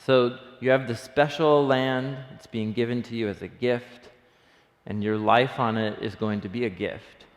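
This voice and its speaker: A man's voice: mid-range voice, fairly even intonation, a little slow. A man leading an early-morning Bible study, teaching in an enthusiastic, conversational way and thinking aloud with plenty of fillers. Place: church room. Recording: long reverb of a hall.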